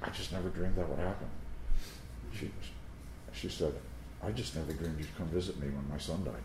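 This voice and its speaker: With a very deep voice, a little fast, a pastor tells stories through his sermon to a live audience in a teaching room. His manner is anecdotal and conversational, with asides to the crowd, over background noise and a room's echo.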